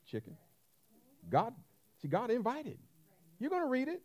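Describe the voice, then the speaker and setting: Male pastor mid-sermon, lively and expressive, drops to near-whispers then booms, quizzes his listeners. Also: normal speed, pauses often, muffled recording. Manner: animated, swings from loud to hushed, call-and-response questions.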